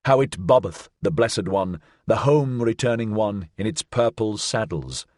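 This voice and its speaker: A man giving voice to an old-world prophet musing aloud, measured and reflective. His voice sits lowish and moves a lot in pitch, dry and close. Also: expressive, darkish tone, dry recording, natural voice. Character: solemn male prophet musing aloud, weary yet triumphant. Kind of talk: audiobook reading.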